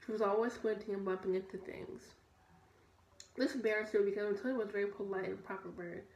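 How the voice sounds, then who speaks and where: A woman's voice: mid-range voice, steady tone, fast talker, a little mellow, highs cut off. A young woman reading a children's story aloud, often stumbling and correcting herself. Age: young adult. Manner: stumbling, self-correcting read. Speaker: student reader. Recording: echoey room, faint noise.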